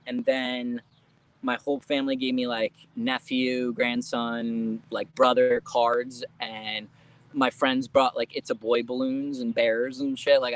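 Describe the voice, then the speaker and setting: A man's voice: medium pitch, fairly bright tone, rough recording. A young adult man telling family stories as an interview guest, chatty and laughing often, with casual swearing.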